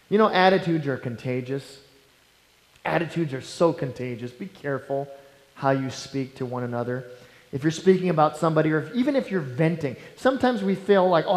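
A male pastor preaching a sermon, swinging between loud emphatic lines and hushed near-whispers. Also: on the high side, in a large hall, rough recording.

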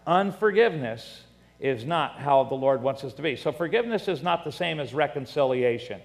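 Pastor, male, animated sermon delivery with acted-out voices; gravelly, slightly high voice, long hall reverb. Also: moderate pace. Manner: animated preaching, acts out voices, reads scripture aloud. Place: church sanctuary.

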